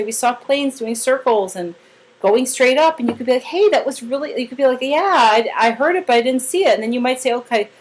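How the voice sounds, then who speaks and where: A woman's voice: a little high, rough recording. A woman giving a casual one-on-one training session to a new team member, chatty and demonstrative as she acts out examples.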